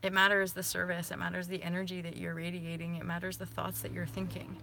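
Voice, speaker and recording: Bright-voiced, fired-up woman vlogger. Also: on the low side, completely flat delivery, fast, vocal fry, slight background noise. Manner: emphatic, profane, swings between soft and fired-up. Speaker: spiritual lifestyle vlogger. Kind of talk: casual monologue to viewers.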